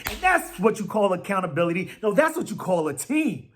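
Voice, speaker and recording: A man hosting a fan podcast, talking football in a casual, animated, trash-talking way, full of slang and fillers. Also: sits high, a little fast, hardly any pauses.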